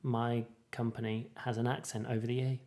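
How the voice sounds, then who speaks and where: A man's voice: medium pitch, level tone, normal speed, a little mellow. A man co-hosting a podcast in casual chat, rambling with lots of fillers and restarts. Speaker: podcast co-host.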